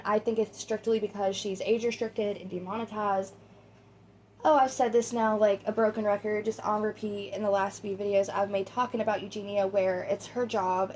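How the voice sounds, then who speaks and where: A woman's voice: medium pitch, slight background noise. A woman hosting a casual commentary video, chatty and opinionated, talking straight to her viewers. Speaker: commentary host.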